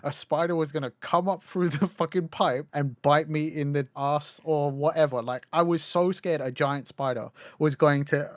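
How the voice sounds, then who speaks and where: A man's voice: on the high side, fairly even intonation, normal speed, hardly any pauses, no room sound, studio quality. A young man co-hosting a podcast, reminiscing animatedly in casual chat, swearing freely and laughing as he talks. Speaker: podcast co-host.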